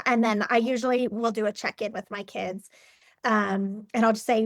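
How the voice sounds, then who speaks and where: A woman's voice: a little high, fairly even intonation, normal speed, no echo, clean studio sound. A woman in her forties shares her experience as a guest in an interview, speaking earnestly and reflectively with frequent fillers and restarts. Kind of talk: personal interview conversation.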